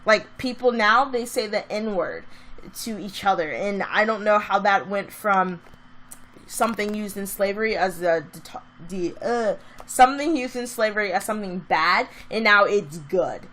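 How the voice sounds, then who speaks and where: A woman's voice: mid-range voice, measured pace. Chatty woman vlogger telling a story. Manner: chatty, animated storytelling that drifts into a heated rant. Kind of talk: casual storytelling vlog.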